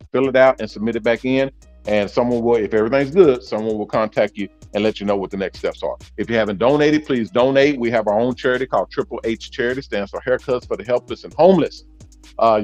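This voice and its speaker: A man's voice: medium pitch, darkish tone, lo-fi sound. A man hosting a casual livestream from on the move, talking emphatically and repeating his points. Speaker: host, owner of a salon network. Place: mobile, in a vehicle.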